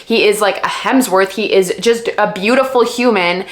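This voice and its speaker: A woman book vlogger in a casual, animated rant, exasperated and emphatic, repeating words for effect. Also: medium pitch, normal speed. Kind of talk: casual reading vlog rant. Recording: echoey room with faint music.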